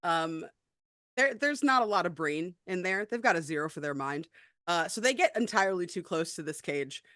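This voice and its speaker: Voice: mid-range voice, lively intonation, normal speed, a bit bright, dry recording, clean studio sound. A player describing their character's actions in a tabletop game, in a playful way.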